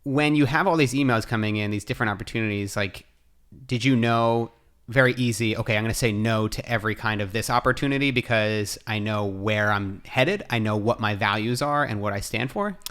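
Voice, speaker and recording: Brief: man, podcast host, low voice, casual and curious, thinks aloud. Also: brisk, fairly bright tone. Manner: curious, casual, asks leading questions. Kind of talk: conversational interview.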